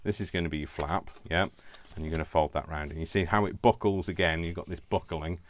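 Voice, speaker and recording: A man's voice: sits low, steady tone, brisk, a little hiss or hum. A man hosting a casual crafting tutorial at home, chatty and self-correcting, drifting into rambling asides.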